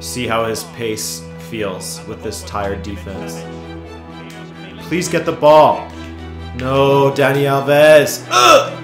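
Man, gaming commentary, excitable, hoarse voice, echoey room, faint music. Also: medium pitch, slow. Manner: excitable, swings from mutters to shouts. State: losing his voice. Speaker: gaming YouTuber. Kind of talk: live game commentary.

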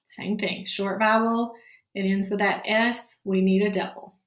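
A woman's voice: mid-range voice, fairly even intonation. A woman teaching a recorded phonics lesson to children, patient and encouraging, often saying good job. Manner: slow, patient, encouraging, frequent "all right, good job". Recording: roomy, echoey classroom-style sound.

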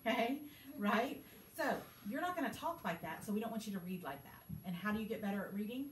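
In a school classroom, a woman teacher leads a small group through a reading lesson, encouraging, patient and asking questions, speaking in an animated, fast way at middle pitch. She is recorded from far off, with a roomy classroom echo and faint background noise.

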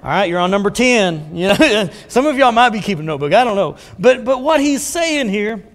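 A man's voice: high-pitched, big pitch swings, brisk, in a large hall. A man preaching a sermon as a pastor, talking in a conversational way and putting questions to the congregation. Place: church sanctuary.

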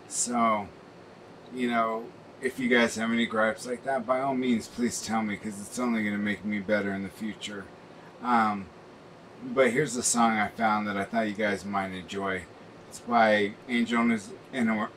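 A man's voice: on the low side, a bit bright. A man hosting his own music channel, talking casually and earnestly to his viewers with lots of ums and uhs. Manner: rambling, earnest, many fillers. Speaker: music reaction channel host. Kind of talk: casual talk to camera. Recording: distant mic with faint air-conditioning hum.

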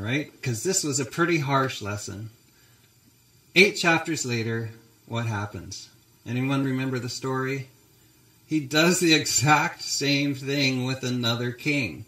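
Slow-speaking pastor in a roomy church. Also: male voice, mid-range voice, fairly bright tone. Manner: storytelling, addressing the congregation directly. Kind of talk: sermon.

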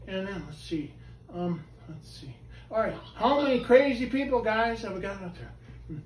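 A man performing a live show with his talking bird, coaxing it loudly and often yelling his patter. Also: high-pitched, animated, moderate pace, slight background noise. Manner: loud, coaxing and prone to yelling. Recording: echoey room from far off.

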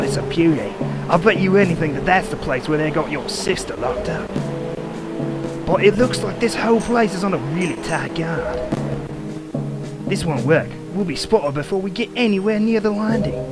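A man voicing a bossy young female pirate captain in a put-on Cockney-then-Australian accent, talking briskly and giving orders. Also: sits high, over loud music, pitched above the performer's own voice, natural voice. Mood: commanding.

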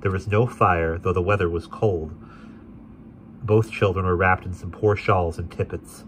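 A man narrating a classic novel aloud in a steady, expressive way. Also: low voice, a little slow, slight background noise. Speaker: audiobook reader.

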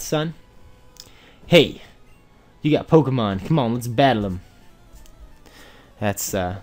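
A young man giving let's play commentary on a game, excitable and swinging from mumbles to shouts. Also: mid-range voice. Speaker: gamer playing a Pokemon randomizer.

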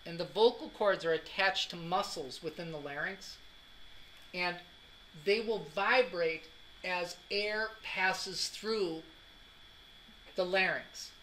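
A man's voice: high-pitched, pushed and bright, a little hiss or hum, low-quality recording. A man giving a classroom anatomy lecture, joking and quizzing students as he goes. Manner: joking, drills students with questions.

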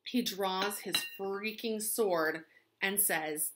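A woman's voice: medium pitch, animated, moderate pace, background noise. Chatty, sarcastic woman teacher. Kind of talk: gossipy literature recap.

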